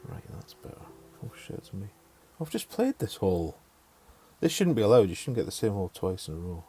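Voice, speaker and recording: Low-voiced man, chatty game streamer. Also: very animated, brisk, warm tone, slight background noise. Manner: chatty, swears, mutters to himself. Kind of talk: casual chat over live gameplay. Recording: faint music behind.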